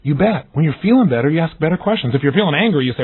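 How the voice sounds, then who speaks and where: A man giving an energetic recorded self-help lesson, acting out the questions he describes in lively voices. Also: fairly high pitch, very fast, breathy edge. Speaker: motivational speaker. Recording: tinny phone-like audio.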